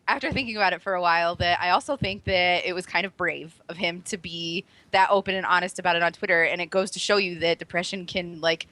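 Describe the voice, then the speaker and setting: A woman co-hosting a podcast, speaking in halting, repetitive bursts and swearing freely. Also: on the low side, bright, forceful tone, dry recording. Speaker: podcast co-host. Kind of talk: casual chat.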